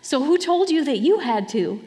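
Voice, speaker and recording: A woman's voice: high-pitched, sing-song, normal speed, warm tone, big-room sound. A middle-aged woman pastor preaching a sermon in an earnest, conversational way, with light laughs between points.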